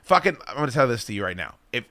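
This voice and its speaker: A man riffing on movies in a casual chat, talking fast with a bright, forceful tone. His pitch swings widely as he makes emphatic, profanity-laced points. The sound is dry and close. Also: very animated, no room sound. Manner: emphatic, swears freely. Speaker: film podcast host. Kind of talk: casual film discussion.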